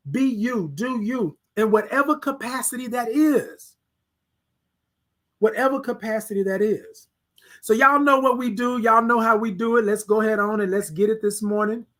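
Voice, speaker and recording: High-voiced man giving a motivational talk. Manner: reads out viewer comments, preachy and repetitive; swings between soft hushed words and loud emphatic bursts. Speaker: host. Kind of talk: motivational morning livestream talk.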